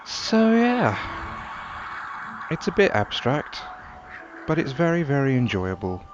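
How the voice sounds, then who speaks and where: A man giving relaxed, wry, rambling commentary while playing a video game. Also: medium pitch, slow, background noise. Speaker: gameplay commentator. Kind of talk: casual gameplay commentary. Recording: dull lo-fi sound with game music behind. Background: game music.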